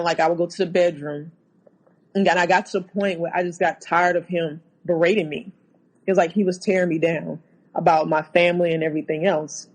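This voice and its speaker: A woman telling her own story as a podcast guest, halting and repeating herself, acting out what was said. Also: lowish voice, low-quality recording. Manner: halting, repeats words, acts out quotes. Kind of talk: personal account in a podcast interview.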